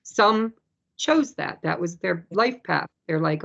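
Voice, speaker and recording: A woman chatting casually about spirituality, telling stories with lively energy and acting out other people's words. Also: fairly low pitch, takes it slowly, vocal fry. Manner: animated, storytelling, acts out quoted people. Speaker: spiritual speaker. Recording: dull lo-fi sound.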